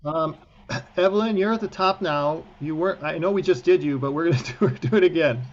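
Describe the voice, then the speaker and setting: A fairly high-pitched man speaks briskly, with the top end of the audio cut off. He's a cantor leading a video-call class on reading the prayer book, warm, chatty, and fond of joking asides.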